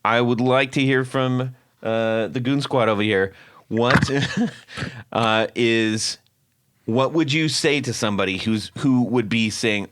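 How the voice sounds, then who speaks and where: A man hosting a podcast, telling a story in a casual, animated way and laughing often. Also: medium pitch, slow pace, no room sound, studio quality. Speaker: podcast host.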